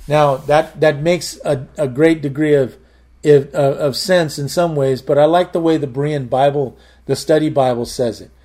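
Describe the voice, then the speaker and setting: A man teaching a Bible study as a pastor, talking conversationally with many halting repeats. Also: fairly high pitch, fairly even intonation, warm tone.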